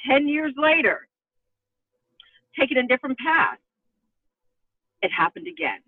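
A middle-aged woman, a former news anchor, telling her own story as a guest in an emphatic, expressive way. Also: high voice, a little slow, breathy edge, no room sound. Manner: emphatic and expressive, voice rising with feeling. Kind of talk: personal storytelling in a podcast interview. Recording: tinny phone-line audio.

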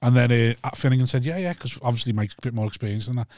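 Male podcast host, chatty gossip, even mid-range voice. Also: mid-range voice, racing, dry recording, studio quality. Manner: chatty, recounts gossip with quoted asides. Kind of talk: casual chat.

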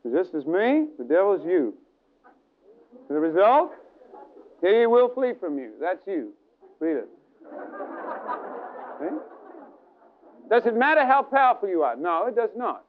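A high-voiced male preacher who delivers a lively, dramatic sermon and acts out scenes with his listeners. The recording is thin and tinny, like an old phone line. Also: measured pace, pauses often, slight background noise.

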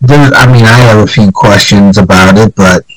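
A man hosting a podcast in casual chat, halting with fillers while fighting the flu. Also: lowish voice, no echo, rough recording. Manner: halting, many fillers and restarts. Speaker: podcast host.

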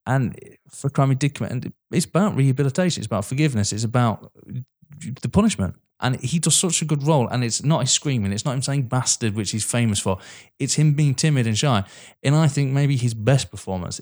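A man's voice: medium pitch, animated, fast, a little mellow. A man in casual film chat, sweary and enthusiastic, calling people "mate" a lot.

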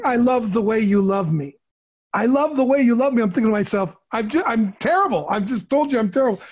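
Speaking in a high voice with a darkish tone and a breathy edge, a middle-aged man tells an earnest, heartfelt story from his own life. He co-hosts a podcast, and his candid telling often circles back over the same words.

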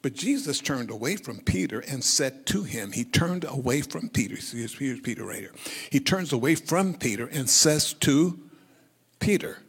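A male pastor preaching a sermon, telling the story in a lively way and calling on the congregation to repeat phrases. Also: medium pitch, normal speed, husky, big-room sound.

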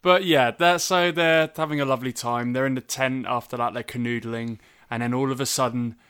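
Male co-host, smooth clear voice, enthusiastic plot recapper. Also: mid-range voice, fairly even intonation, brisk, fairly bright tone. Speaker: podcast co-host. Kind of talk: casual film recap.

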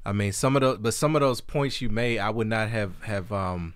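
Guy hosting a faith chat, low smooth voice, laid back, dry close sound. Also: moderate pace, no room sound. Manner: relaxed, easygoing, affirming. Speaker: host.

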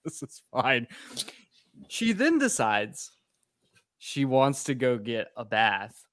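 A man's voice: mid-range voice, very animated, slow, fairly bright tone, dry recording, clean studio sound. A man co-hosting a podcast who recaps a film with sarcastic, profane storytelling. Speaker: podcast co-host.

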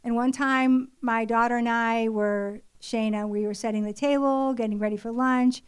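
An older woman speaking at church recounts home life in a sermon that's earnest and confessional. Her voice sits a little high, clean and fairly even in intonation at normal speed, and her delivery stays loose and conversational with plenty of small fillers.

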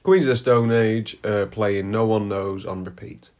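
A man co-hosting a podcast, telling stories in a casual chat with teasing, deadpan jokes. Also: fairly low pitch, measured pace. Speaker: podcast co-host.

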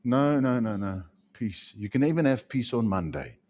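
A man preaching a sermon, swinging between loud emphatic lines and hushed ones. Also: mid-range voice, animated, moderate pace.

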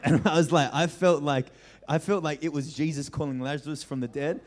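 A young man preaching as a pastor, telling a childhood story with lively acted-out voices and frequent laughter. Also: a little high, a little fast. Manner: animated storyteller, acts out voices, laughs often. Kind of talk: storytelling sermon. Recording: reverberant hall.

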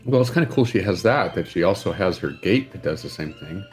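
A man's voice: low voice, animated, a little fast, soft background music. A man co-hosting a casual morning show, talking plainly and hesitantly with fillers. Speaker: co-host.

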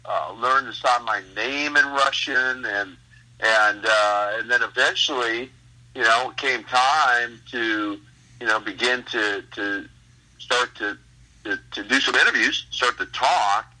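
Man in his 60s, very bright tone, husky, rambling storyteller, lots of fillers. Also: medium pitch, takes it slowly, poor audio. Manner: rambling, many fillers and restarts, chuckles. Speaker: guest, former pro wrestler. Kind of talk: casual storytelling interview.

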